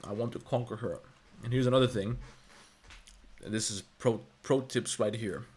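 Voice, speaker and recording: A man's voice: mid-range voice, moderate pace, darkish tone, husky. A man chatting casually on a live stream, giving blunt, profane advice in a lecturing way.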